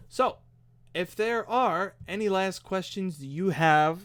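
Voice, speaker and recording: A man's voice: on the high side, clean tone, dry recording. A man hosting a live stream, chatting casually and upbeat as he answers viewer comments into a microphone. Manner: chatty, upbeat and self-deprecating. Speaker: host. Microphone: studio microphone.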